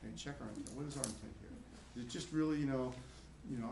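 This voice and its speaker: A middle-aged man lecturing a college class in a conversational way, repeating himself and acting out quick voices. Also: mid-range voice, gravelly, darkish tone. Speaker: professor. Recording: echoey classroom with faint noise.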